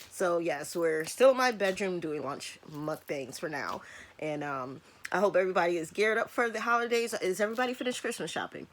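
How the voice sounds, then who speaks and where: A woman in her thirties from Michigan, chatting casually through a lunch mukbang vlog in her bedroom. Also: on the low side. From Michigan, USA. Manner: chatty, laid-back, fillers like um and like. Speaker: vlogger.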